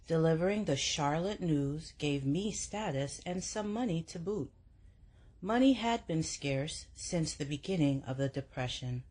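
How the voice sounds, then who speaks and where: Brief: woman, low pitch, steady memoir reading for a book club. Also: low-quality recording.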